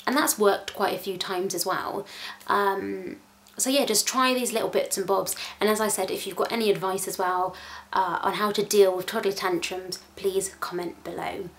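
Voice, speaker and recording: A woman's voice: mid-range voice, fairly even intonation, moderate pace, fairly bright tone. A woman, a mother, talking casually and candidly to camera in a parenting vlog, with a self-mocking tone. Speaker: vlogger, mother.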